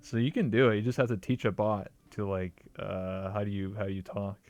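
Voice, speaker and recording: A man's voice: on the low side, little pitch movement, a little fast, a little mellow, dry recording. A man hosting an interview in casual, playful, jokey chat over an online voice call. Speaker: host.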